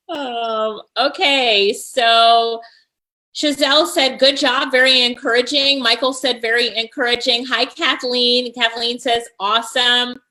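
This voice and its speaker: A woman's voice: on the high side, steady tone, takes it slowly, sharp tone, low-quality recording. Upbeat woman coaching on a live stream. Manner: upbeat, encouraging, reads out viewer comments. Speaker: host and freelancing coach.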